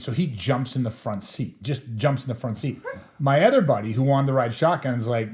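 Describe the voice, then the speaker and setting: A man's voice: medium pitch, lively intonation, moderate pace, a little mellow. A middle-aged man casually telling a rambling, profane anecdote, often chuckling as he talks. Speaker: storyteller host.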